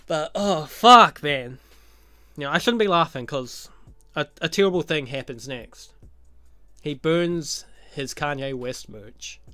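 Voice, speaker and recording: A man's voice: fairly high pitch, expressive, slow pace, pushed and bright, dry recording. A man giving a casual, profane recap of a movie, full of sarcastic jokes and laughing asides. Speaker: YouTube movie commentator.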